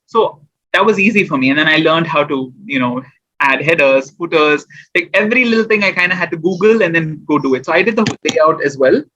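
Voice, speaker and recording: A man's voice: fairly high pitch, lively intonation, fast talker, pushed and bright, highs cut off. A man guesting on an interview show, chatting casually about publishing his poetry and rambling with fillers and restarts. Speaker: guest poet and small business owner.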